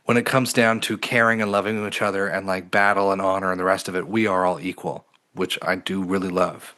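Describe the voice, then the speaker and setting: In a low, sharp-toned voice with little pitch movement, this podcast co-host talks a little fast. His casual conversation is earnest and reflective, full of fillers.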